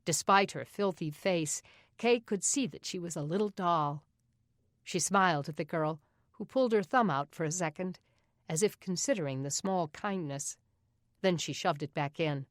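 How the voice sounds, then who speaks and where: A woman narrates an audiobook with a steady, even reading. Her voice sits a little low, and the sound is dry and close, with no room around it. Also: moderate pace, no echo. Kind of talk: scripted narration.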